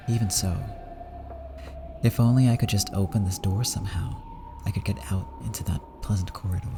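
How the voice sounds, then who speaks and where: A man's voice: sits low, gravelly. A man streaming a visual novel playthrough, narrating it in the first person with dramatic reading that sinks to whispers at tense moments.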